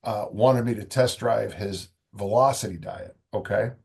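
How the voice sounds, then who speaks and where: A man's voice: fairly low pitch, a little slow, gravelly, a little mellow, husky. A man, a strength coach guest, talking in a loose, rambling way with dry humor. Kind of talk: conversational interview.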